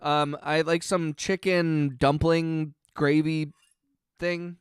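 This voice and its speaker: A man's voice: fairly high pitch, flat delivery, slow, smooth, no room sound, studio quality. A man hosting a casual livestream, reading chat aloud and joking sarcastically. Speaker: livestream host. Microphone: close mic on stream.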